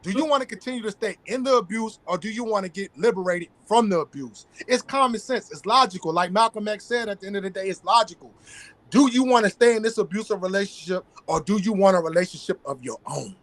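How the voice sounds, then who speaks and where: High-voiced Southern man, emphatic. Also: fast talker. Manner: emphatic, repeats key phrases. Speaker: guest activist. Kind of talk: interview conversation.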